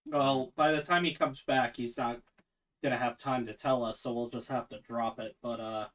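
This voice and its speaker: A man with a Midwest Canadian accent in casual chat as a tabletop game player, easygoing and quick to laugh, trailing off into fillers. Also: mid-range voice, steady tone, fairly bright tone, far from the mic.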